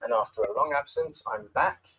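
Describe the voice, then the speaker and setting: A man in a YouTube video putting on one exaggerated British accent after another, switching fast. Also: mid-range voice, highs cut off, a little hiss or hum, natural voice. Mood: cheeky. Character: a young man rattling through British accents. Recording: played back from a video.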